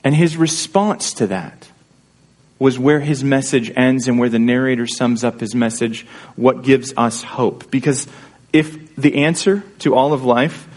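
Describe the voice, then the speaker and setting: A man's voice: mid-range voice, a little slow, darkish tone. Earnest man preaching a sermon. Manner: earnest, conversational preaching with rhetorical questions. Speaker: pastor.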